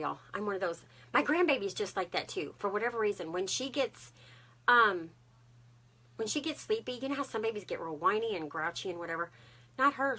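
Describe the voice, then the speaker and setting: A woman's voice: mid-range voice, bright, forceful tone, breathy edge. A woman, chatting to viewers on a craft live stream and greeting them by name. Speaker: craft livestream host.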